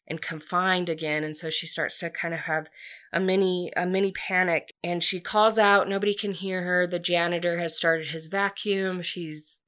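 Chatty lady recapping a story, kinda low voice, says like a lot. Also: steady tone, normal speed, a bit bright. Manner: chatty, lots of filler "like".

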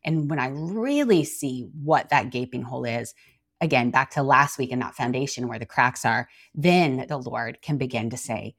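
A woman in her forties co-hosting a faith podcast, chatty and lively, acting out little quoted dialogues as she talks. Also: a bass voice, normal speed, no echo, clean studio sound. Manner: chatty, acts out quoted dialogue, many likes. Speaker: co-host. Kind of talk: faith-based podcast chat.

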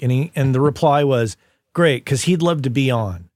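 A man's voice: mid-range voice, moderate pace, dry recording. Podcast host man telling stories. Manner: storytelling, animated when quoting people. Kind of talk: casual conversation.

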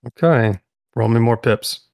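A man narrating as game master of a tabletop role-playing game, in loose, halting speech full of fillers. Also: medium pitch, vocal fry, darkish tone.

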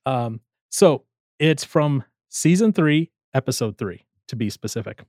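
A man's voice: mid-range voice, measured pace, no echo. Dry-sounding man telling a story. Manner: animated storyteller, acts out quoted lines. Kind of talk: casual chat.

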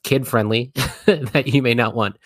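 A man's voice: mid-range voice, a little slow, dry recording, clean studio sound. A man hosting a podcast interview, chatting casually in a rambling, laugh-filled way with lots of "like". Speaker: podcast host.

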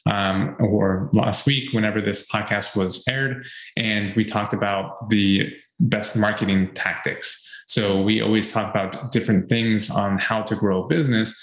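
A man's voice: on the low side, steady tone, a little slow, roomy sound, low-quality recording. A man co-hosting a podcast, giving earnest business advice in a casual chat, repeating his points with fillers. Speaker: podcast co-host.

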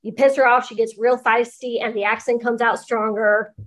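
A woman author chatting as a guest in an interview, telling lively stories and acting out what people said. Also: fairly high pitch, normal speed. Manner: lively storyteller, quotes people in funny voices. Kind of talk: casual interview chat.

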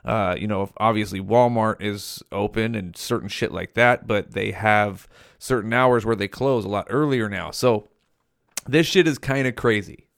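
A man's voice: on the low side, normal speed, vocal fry, dry recording, studio quality. A young man hosting his own podcast, ranting bluntly and swearing constantly in a casual solo monologue. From California. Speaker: podcast host.

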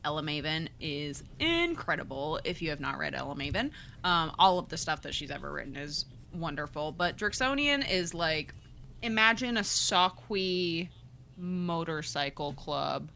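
A woman's voice: low voice, big pitch swings, moderate pace, vocal fry, sharp tone, a little hiss or hum. A woman co-hosting a book podcast in casual chat, gushing and laughing often. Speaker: podcast co-host.

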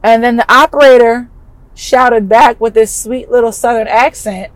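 A woman hosting a podcast, telling a personal story in an animated, emphatic and conversational way. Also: a little high, normal speed, no echo, low-quality recording. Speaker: podcast host.

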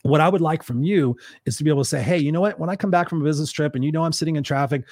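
Racing along in a fairly high, darkish voice, a middle-aged livestream host gives an earnest, emphatic motivational talk on relationships. He reads out comments from viewers, raising his voice to quote them. Clean studio sound, no room sound.

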